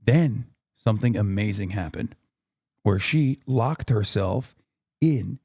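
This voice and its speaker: A man in his thirties vents at his stream chat, exasperated and full of profanity. His tone is dark and mellow, held back so he does not wake a neighbor. The sound is dry and close, with no room around it. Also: lowish voice, lively intonation, slow, breathy edge, dry recording. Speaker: streamer reacting to a speech. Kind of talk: heated live-stream commentary.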